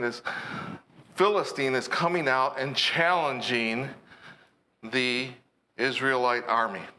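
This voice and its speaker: Slow, forceful male preacher. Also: medium pitch, a little hiss or hum. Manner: earnest storytelling with conversational asides. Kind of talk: sermon retelling a scripture story.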